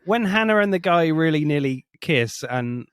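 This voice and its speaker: Lively man reviewing films. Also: moderate pace, clean tone, no room sound, clean studio sound. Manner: animated, laughs often, jumps high in pitch for jokes. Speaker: podcast co-host. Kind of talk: casual film review chat.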